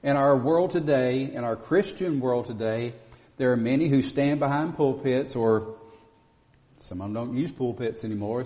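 A man's voice: medium pitch, dark tone. A man preaching a sermon with an emphatic, repetitive cadence that rises for emphasis. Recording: dull sound with long reverb.

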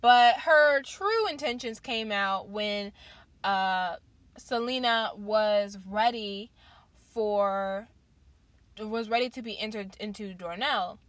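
A woman's voice: mid-range voice, slow, a bit bright, dry recording. A woman chatting casually to viewers in a vlog, gushing and tossing in lots of "like". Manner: chatty and gushing, heavy use of "like"; addresses viewers as "you guys" and "y'all". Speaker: book reviewer.

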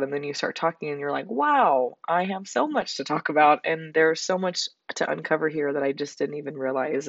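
A woman in her twenties with a hoarse, raspy voice, hosting a reflective solo podcast in an earnest, rambling way. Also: deep voice, no echo. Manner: earnest, rambling, with frequent likes and laughs. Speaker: podcast host. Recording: dull, slightly lo-fi sound.

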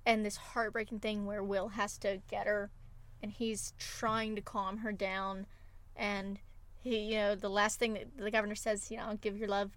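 A woman's voice: mid-range voice, flat delivery, unhurried, fairly bright tone. A woman co-hosting a podcast, retelling film scenes with emotive enthusiasm in casual chat. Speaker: podcast co-host.

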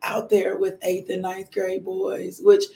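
A hoarse woman hosting a casual morning devotional livestream, praying with repeated thanks and greeting viewers by name. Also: medium pitch, monotone, slow, warm tone, echoey room. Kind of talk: casual devotional talk and prayer.

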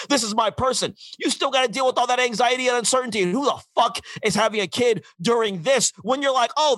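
High, bright-voiced ranting man. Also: dry recording. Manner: emphatic ranting, profane, acts out quotes. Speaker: podcast co-host. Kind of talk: casual comedic podcast rant.

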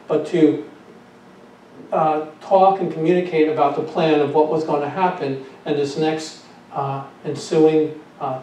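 A man preaching a sermon as pastor, asking rhetorical questions, repeating his phrases and letting lines trail off softly. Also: a little high, heavy reverb, distant mic, a little hiss or hum, rough recording.

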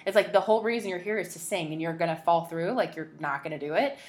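A young woman hosts her podcast with a slightly low voice. She tells a personal story in a rambling, emotional way, full of "like" and restarts. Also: fast talker. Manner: rambling, emotional, heavy use of "like". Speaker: podcast host.

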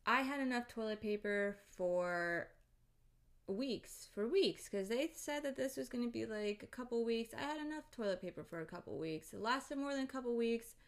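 A woman's voice: fairly high pitch, animated, moderate pace. Exasperated woman ranting with swearing. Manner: exasperated, profane, emphatic. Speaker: vlogger. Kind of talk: ranting to camera.

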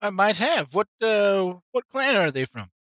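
Lively playful rpg player, slow easy pace, bright dry sound. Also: medium pitch, dry recording, muffled recording. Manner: laughing, playful. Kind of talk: playing a tabletop game.

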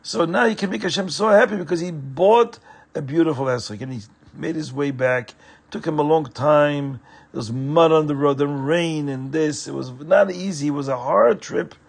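A man telling a story to children in an animated way, at times turning to speak to the listeners directly. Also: a little high, normal speed, gravelly, slightly rough.

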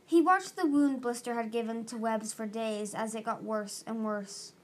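A woman reading a fantasy novel aloud as an amateur audiobook, steady with small restarts. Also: a little high, normal speed, few pauses. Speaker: audiobook reader.

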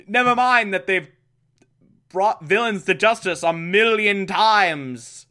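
A man's voice: high voice, takes it slowly, pushed and bright, exaggerated voice. A man voicing a blustering middle-aged police chief in a botched Irish accent that drifts toward Scottish. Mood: suspicious.

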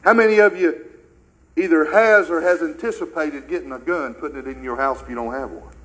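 Older american preacher guy, highish voice, keeps firing rhetorical questions. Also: fairly quick, fairly bright tone, poor audio. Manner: emphatic preaching, rhetorical questions, surging and dropping. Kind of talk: sermon.

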